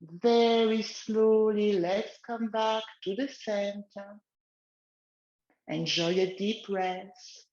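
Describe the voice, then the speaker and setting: Slow, gentle woman guiding a relaxation exercise. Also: mid-range voice, steady tone, reverberant, muffled recording. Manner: slow, gentle guiding of breathing and neck movements. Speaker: wellness instructor. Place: outdoors in the countryside, chickens nearby.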